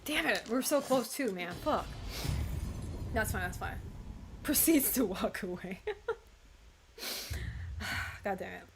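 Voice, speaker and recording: A young woman streaming a game, commenting as she plays, excitable, swearing and laughing often. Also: mid-range voice, slow pace, long pauses, slight background noise. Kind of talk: gameplay commentary. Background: game music.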